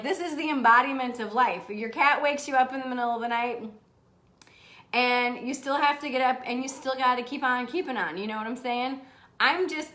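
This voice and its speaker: A woman's voice: high-pitched, a bit bright. A woman chatting casually on a livestream, reading viewer comments, laughing often and swearing now and then. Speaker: motivational vlogger reading live comments. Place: indoors, seated.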